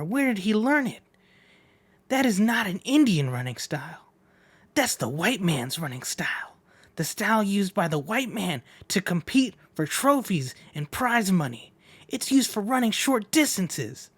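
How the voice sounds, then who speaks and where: A man voicing a furious male tribal warrior who yells and chases a runaway. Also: high-pitched, breathy edge, no echo, voice pushed up, exaggerated voice. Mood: alarmed. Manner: shouting, frantic.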